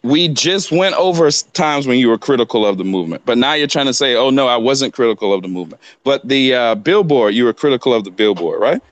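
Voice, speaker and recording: A man's voice: mid-range voice, expressive, fast, hardly any pauses, no room sound, muffled recording. A man arguing on a podcast stream, insistent and challenging, using slang and repeating "listen" to cut in. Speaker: podcast guest. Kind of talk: heated argument on a livestream.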